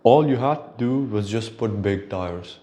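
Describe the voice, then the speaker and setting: A man's voice: lowish voice, lively intonation, a little slow, dark tone. A man hosting his own solo show, ranting in an exasperated, profane way. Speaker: podcast host. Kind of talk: solo rant.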